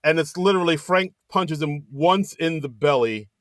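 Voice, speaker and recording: A podcast co-host speaks at a moderate pace with no echo, casually recapping a movie. He retells it with animation, acting out bits of dialogue in a high voice.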